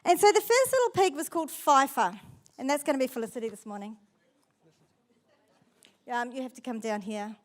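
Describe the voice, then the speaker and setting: A woman pastor preaching a sermon in church, telling the story in a lively and playful way. Her voice sits high for a woman. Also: a little fast, pauses often.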